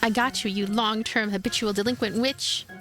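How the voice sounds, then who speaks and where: A woman voicing a stern, commanding royal guard captain in a game, speaking slowly and formally. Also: fairly high pitch, steady tone, fairly bright tone, soft background music, natural voice.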